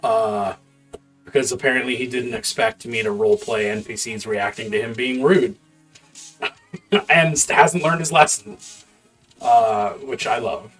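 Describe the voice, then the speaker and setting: A man's voice: mid-range voice, measured pace, long pauses, fairly bright tone. A man working as game master, thinking aloud as he preps a campaign on a live stream, muttering half-formed notes to himself and swearing casually. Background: faint background music.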